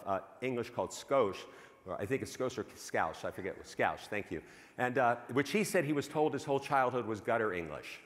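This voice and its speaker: A man giving a lively conference keynote, asking the audience questions and correcting himself as he goes. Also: mid-range voice. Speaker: keynote speaker on bias. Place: large conference hall. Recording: hall reverb from a stage mic.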